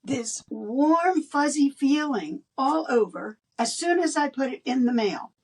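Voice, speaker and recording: An older woman, a guest in an interview, telling a personal story in an animated way and laughing between lines. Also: high voice, unhurried, far from the mic.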